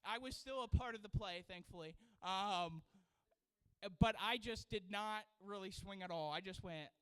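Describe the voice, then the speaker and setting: A man who is a children's pastor, preaching a sermon and telling a story in an animated way with frequent laughter. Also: sits high, moderate pace, clean tone, low-quality recording. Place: church sanctuary.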